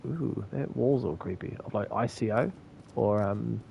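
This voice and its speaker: A man's voice: lowish voice, a little slow, vocal fry, mellow, slight background noise. A man from New with a slight lisp, mumbling and laughing through casual, profane commentary as he streams a game. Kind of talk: casual live gameplay commentary.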